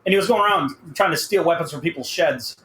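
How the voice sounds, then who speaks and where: A man's voice: on the high side, quick pace, a bit bright. A man chatting casually on a podcast, rambling through stories with lots of swearing and laughter. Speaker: podcast co-host. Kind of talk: casual chat. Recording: echoey room with faint background noise.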